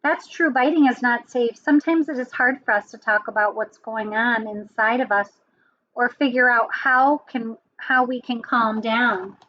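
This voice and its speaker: A woman teacher giving a children's lesson, speaking gently and often checking in with a question. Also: a little high, normal speed, lo-fi sound. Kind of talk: children's lesson and storybook reading.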